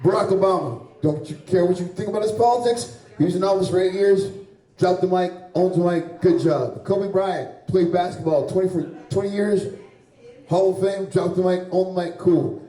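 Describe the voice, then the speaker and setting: A man's voice: high voice, moderate pace, mellow. A man doing a loose, crude stand-up set, laughing at his own jokes and sweating on a handheld stage mic. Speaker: stand-up comedian. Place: small bar or club with a live audience. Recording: echoey room from far off.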